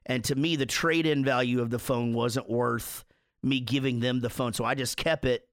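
A man's voice: medium pitch, steady tone, moderate pace, no room sound, clean studio sound. A man co-hosting a podcast who tells rambling, profane stories in a casual chat and laughs as he goes. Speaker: podcast co-host.

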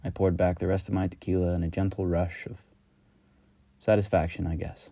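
Deep gravelly guy telling a story slow and reflective, dry close sound. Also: flat delivery, mellow, no room sound. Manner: slow, measured, lyrical. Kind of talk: reflective spoken-word storytelling.

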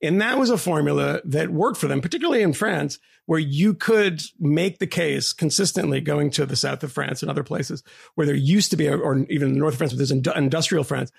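A man co-hosting a podcast, talking casually in an animated, storytelling way with frequent laughs and restarts. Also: a little high, a little fast, creaky, husky. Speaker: podcast co-host.

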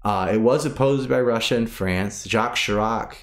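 Deep-voiced man, animated and profane. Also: normal speed. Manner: animated, profane, rising to outraged bursts. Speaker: podcast guest. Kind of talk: casual conversation.

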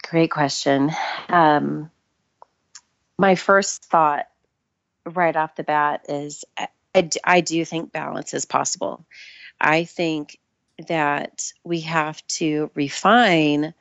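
A woman guest, an Ayurvedic practitioner, talking in a thoughtful, measured way on a remote interview. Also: deep voice, steady tone, creaky, dry recording. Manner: thoughtful, measured, restarts phrases. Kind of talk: casual interview chat. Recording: dull lo-fi dry sound.

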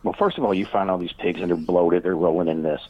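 A man's voice: low voice, fast. A man, a guest author, telling a rambling story in an interview, full of fillers and acted-out quotes. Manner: meandering, many fillers, acts out quoted voices. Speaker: guest author and paranormal researcher. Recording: dull lo-fi remote audio.

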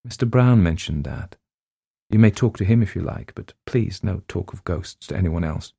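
Man putting on a no-nonsense middle-aged schoolmistress from a storybook, crisp and firm, voice raised above his low dry tone, close dead-sounding room. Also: animated, moderate pace, dark tone, dry recording, exaggerated voice. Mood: brisk. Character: brisk middle-aged woman school head, practical. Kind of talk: storybook reading.

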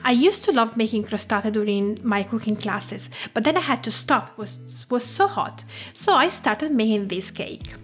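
A woman's voice: a little high, normal speed, faint music behind. A woman from Tuscany with an Italian accent, hosting a cooking podcast in scripted narration that lingers on food details. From Tuscany, Italy. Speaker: podcast host.

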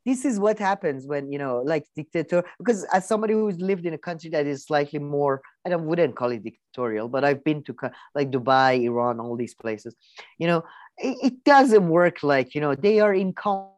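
A woman's voice: deep voice, animated, moderate pace, a little mellow, dry recording. A woman co-hosting a podcast, talking politics in a casual, sardonic way with lots of fillers and restarts. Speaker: podcast co-host.

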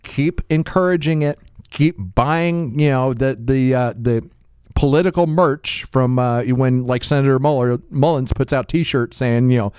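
A man co-hosting a casual podcast, talking in a deadpan, sardonic way and chuckling at his own jokes. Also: medium pitch, a little slow, clear, resonant tone, no echo, studio quality. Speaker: podcast co-host. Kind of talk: casual chat.

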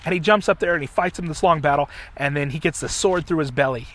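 A middle-aged man hosting a podcast, casually retelling a story in an animated way and acting out the quotes. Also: on the high side, quick pace. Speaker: podcast host.

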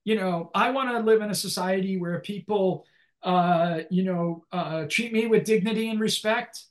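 An older male economics professor, speaking in a relaxed, rambling way as an interview guest, with many restarts and fillers. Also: high-pitched, moderate pace. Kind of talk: conversational interview.

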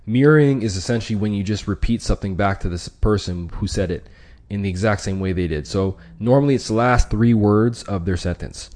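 Brief: male podcast host, lowish voice, casual slangy explainer. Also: brisk, darkish tone. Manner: conversational, many restarts, slangy. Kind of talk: casual instructional talk.

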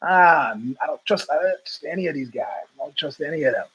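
Male podcast host, high voice, rambling storyteller who acts out quotes. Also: expressive, fairly quick, a bit bright, poor audio. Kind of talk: rambling casual monologue.

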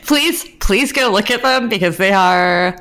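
A woman's voice: medium pitch, animated, a little slow, a bit bright. A woman co-hosting a podcast, chatting casually in a giggly, teasing way. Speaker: podcast co-host.

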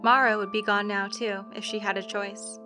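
A woman narrating a scripted story in an even, measured way, with faint instrumental music behind. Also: mid-range voice.

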